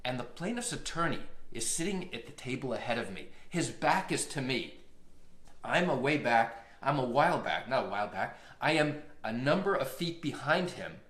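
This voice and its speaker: A man, a lawyer hosting a live stream, telling a courtroom story in a lively way and acting out the quotes. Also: mid-range voice, normal speed, echoey room.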